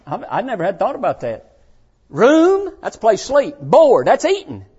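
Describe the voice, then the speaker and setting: An older male pastor preaching to kids in a high, very lively voice that leaps from shouts to near-whispers. His delivery is folksy and plainspoken. The recording sounds dull and lo-fi. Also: moderate pace, breathy edge. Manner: folksy preaching, swings from shouting to hushed asides. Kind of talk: sermon to young people.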